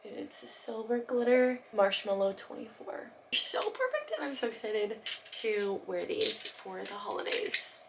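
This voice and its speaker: A young woman vlogging as she unboxes gifts, gushing and excitable, sometimes dropping to a soft whisper. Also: medium pitch, a little slow, gravelly. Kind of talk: casual unboxing vlog. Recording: noticeable background noise.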